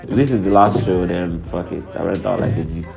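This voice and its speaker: Gravelly-voiced irreverent man. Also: sits low, fairly even intonation, brisk, a little mellow. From Nigeria. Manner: profane, irreverent, laughs between lines. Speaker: host. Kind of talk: casual comedic monologue. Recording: faint background music.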